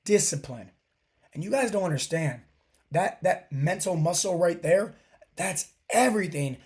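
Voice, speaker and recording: Man, 30s, podcast host and fat loss coach with a slightly high, hoarse, scratchy voice, emphatic and preachy. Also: expressive, a little slow, darkish tone. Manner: emphatic, preachy, repeats phrases. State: hoarse, sore throat. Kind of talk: motivational monologue.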